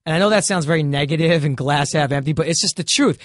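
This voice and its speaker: A man's voice: fairly high pitch, fast, dry recording, clean studio sound. A man in his thirties from Brooklyn with a New York accent, an actor chatting candidly in an interview, often restarting his sentences. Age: 30s. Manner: candid, storytelling, frequent restarts. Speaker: actor guest. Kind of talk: casual interview chat.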